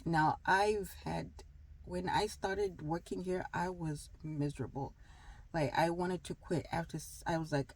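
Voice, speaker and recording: A woman's voice: on the low side, steady tone, a little slow, breathy edge, poor audio. Rambling woman sharing faith thoughts. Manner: rambling, many fillers, acts out little dialogues. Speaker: wellness vlogger. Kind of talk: casual faith talk to camera.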